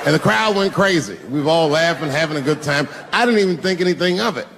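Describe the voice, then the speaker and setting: A man performing a profane stand-up routine on a big stage, shouting his punchlines. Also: on the high side, lively intonation, fast talker, creaky, heavy background noise. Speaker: stand-up comedian. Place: large live venue with audience. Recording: echoey hall, crowd laughter.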